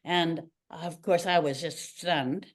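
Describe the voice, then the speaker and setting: Speaking slowly in a low voice, an older woman from Canada, once a ballerina and later a teacher, shares stories as an interview guest. She's an animated storyteller who performs the quoted voices of the people she describes.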